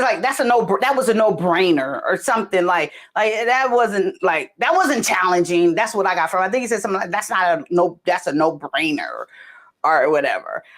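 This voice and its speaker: A woman in her forties hosting a casual livestream chat, telling stories with laughter and big leaps in her voice. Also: a little fast. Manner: animated storytelling with laughter and big pitch leaps. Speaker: livestream host.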